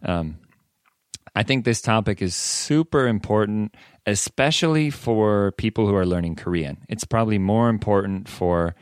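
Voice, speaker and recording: Man, young adult, podcast co-host, low voice, dry close sound, playful and laughing. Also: moderate pace, clean tone, no room sound. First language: English. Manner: jokey, laughs often. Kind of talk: casual podcast chat.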